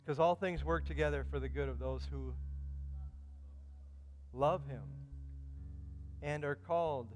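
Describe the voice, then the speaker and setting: A male pastor, preaching a sermon in a church and swelling louder whenever he quotes scripture. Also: mid-range voice, unhurried, long pauses, faint music behind. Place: church sanctuary. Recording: long church hall reverb.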